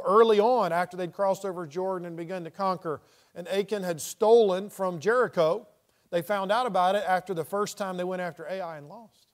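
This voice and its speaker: A man preaching verse by verse, reading scripture aloud and then paraphrasing it in plain everyday speech. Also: high-pitched. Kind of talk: verse-by-verse Bible teaching.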